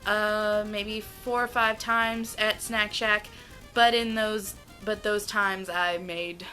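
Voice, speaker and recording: A young adult woman from the United States, a vlogger, gushes enthusiastically about her favorite foods in a casual vlog, drawing out her words. Her mid-range voice stays fairly flat in pitch and sounds pushed and bright. Soft music plays behind her on a low-quality recording.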